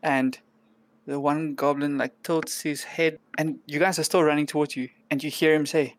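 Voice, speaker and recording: A man running a tabletop game as game master, narrating in a relaxed way and often chuckling. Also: a little high, normal speed, no room sound.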